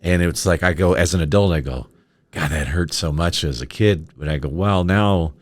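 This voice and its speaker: A man's voice: low voice, normal speed, no room sound. A man, a stand-up comedian, telling personal stories in casual conversation, often laughing and acting out the people he quotes. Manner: laughs often, mimics others in quoted asides. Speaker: stand-up comedian, podcast guest.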